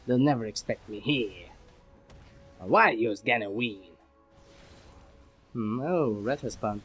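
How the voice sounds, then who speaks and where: A man's voice: medium pitch, slow, pauses often, a bit bright, breathy edge. A man giving casual, rambling commentary over his own gameplay, with self-deprecating asides. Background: faint background music.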